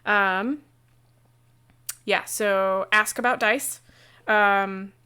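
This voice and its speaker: A woman game master talking casually on a livestream about running a tabletop session, chatty and digressive, with quick asides. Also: mid-range voice, steady tone, pushed and bright, smooth. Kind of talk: casual how-to talk on a livestream.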